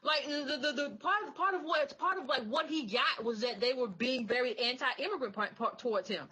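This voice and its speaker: A woman gives political commentary in a high, husky voice. She talks in a chatty way, laughs between points and often restarts her sentences. Her tone is bright. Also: moderate pace, poor audio. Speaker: guest commentator.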